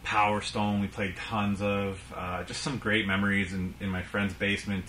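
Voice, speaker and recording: Low-voiced man with many ums, echoey room. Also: flat delivery, moderate pace, sharp tone, a little hiss or hum. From Canada. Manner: rambling, many ums and uhs. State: out of breath. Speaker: game collector channel host. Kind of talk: casual collection vlog.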